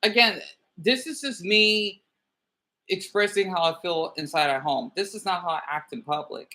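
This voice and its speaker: A man's voice: high voice, moderate pace, pushed and bright. A man livestreaming commentary and reading viewer comments aloud. He rambles, sounds irritable, and often stumbles and repeats words.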